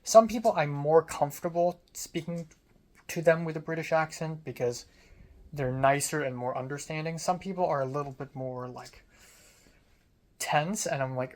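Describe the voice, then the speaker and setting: A young adult vlogger with an American accent rambles through a story. The delivery is sardonic and casual, peppered with quick asides. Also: mid-range voice.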